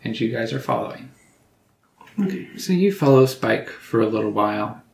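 A man narrating as game master of a tabletop game, relaxed and halting, with many fillers. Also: mid-range voice, vocal fry, a little hiss or hum. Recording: echoey room.

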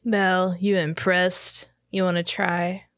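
A woman's voice: on the low side, flat delivery, slow pace, fairly bright tone, no room sound, studio quality. A woman playing a tabletop role-play game, speaking in a laid-back, coaxing way. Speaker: player.

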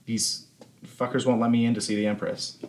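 A man's voice: medium pitch, little pitch movement, fairly quick, darkish tone, slight background noise, natural voice. A man voicing a furious, stressed female elf cavalry soldier who curses bluntly, in a tabletop game. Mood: angry. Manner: heated, cursing, blunt.

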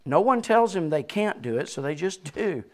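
A man in his sixties preaching a sermon, swinging between loud peaks and quiet drops and chuckling between points. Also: high-pitched, moderate pace. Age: 60s. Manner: animated preaching with sudden rises and drops. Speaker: pastor.

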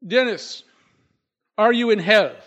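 A man voicing a fretful, excitable fellow who fires off urgent questions, in a dull lo-fi recording. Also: high voice, pitched above the performer's own voice. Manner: urgent, rapid-fire questioning.

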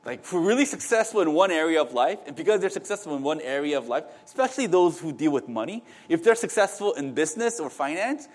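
A man's voice: on the high side, big pitch swings, a little fast. A middle-aged man preaching a sermon in a conversational way, with asides to the congregation and many restarts. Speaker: pastor.

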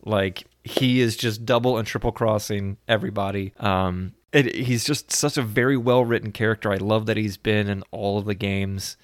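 A man hosting a podcast, an animated and rambling storyteller in casual chat. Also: on the low side, normal speed, few pauses, dry recording. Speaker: podcast host.

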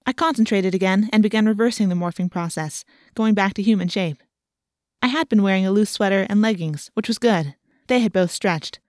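A woman's voice: mid-range voice, a little fast, darkish tone, no echo, studio quality. A woman narrating a first-person novel in an earnest, tense storytelling manner. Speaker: audiobook narrator.

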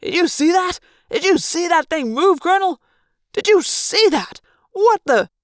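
A woman's voice: medium pitch, takes it slowly, no room sound, clean studio sound, close to an everyday voice. A woman voicing a flustered, stammering male fighter pilot talking over the radio. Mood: astonished. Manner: stammering, hesitant.

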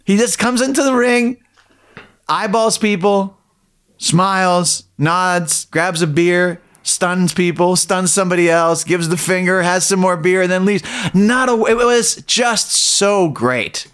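A man's voice: high-pitched, slow, clean tone. A middle-aged man co-hosting a podcast, chatting casually and acting out quotes and sound effects as he tells stories. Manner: animated storyteller, acts out quotes and sound effects. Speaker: podcast co-host. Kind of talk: casual chat.

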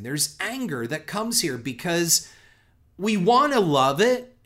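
A man's voice: high voice, fairly bright tone. A middle-aged man giving a reflective, conversational film commentary, earnest in tone, who often restarts on repeated words and swears casually.

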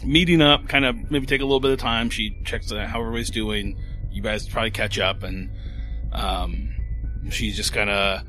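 A man with a low, bright-edged voice narrates as game master of a tabletop horror game. He rambles along loosely, full of ums and likes. Faint music hums under him. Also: moderate pace. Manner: relaxed, rambling, many fillers.

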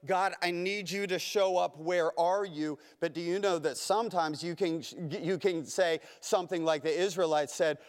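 A male pastor preaches with a high voice, earnest and emphatic, circling back over his own phrases. The sound carries the long reverb of a large church hall. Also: a little slow. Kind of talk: sermon. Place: church sanctuary.

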